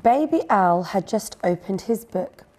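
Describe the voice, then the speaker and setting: Slow gentle woman reading to kids. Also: medium pitch, expressive. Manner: gentle, asks listeners questions. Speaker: storyteller. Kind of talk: reading a picture book aloud to children.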